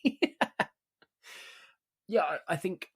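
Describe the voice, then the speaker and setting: A young man, co-hosting a podcast in casual chat, rambling, laughing often and swearing freely. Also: takes it slowly. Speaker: podcast co-host.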